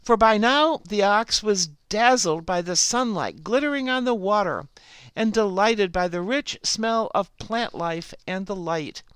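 A woman's voice: medium pitch, animated, a bit bright, smooth, dry recording. A woman hosting a program, reading a fable aloud in scripted narration. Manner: slow, unhurried read-aloud delivery. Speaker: program host and storyteller.

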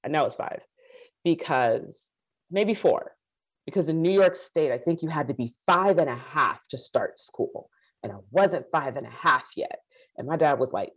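A woman's voice: low voice, animated, normal speed, breathy edge. A woman born in Haiti telling her life story with passion, acting out the voices of people she quotes. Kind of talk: personal storytelling talk. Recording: dull lo-fi recording.

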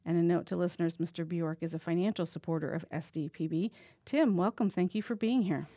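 A woman's voice: fairly low pitch, brisk, warm tone, dry recording. A woman hosting a public radio interview in a conversational way. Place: radio studio.

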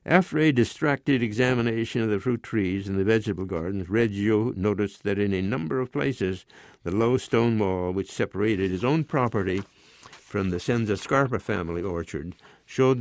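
A man in his nineties reading aloud his own short story in a measured, expressive way. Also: on the low side, dry recording. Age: 90s.

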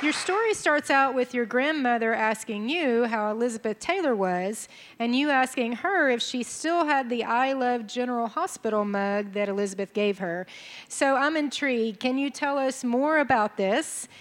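Woman host, slightly high voice, measured prepared questions. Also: a faint crowd. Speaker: interviewer host.

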